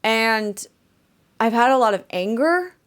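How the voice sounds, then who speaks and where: A woman's voice: on the high side, expressive, slow pace, smooth. A young woman musician talking candidly in her bedroom for a vlog, chatty and rambling, with frequent fillers and restarts. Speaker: vlogger and musician.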